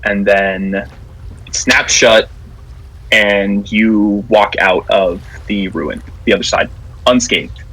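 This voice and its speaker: A man narrating as game master of a tabletop game, describing scenes in a halting way with many fillers. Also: lowish voice, sharp tone, rough recording.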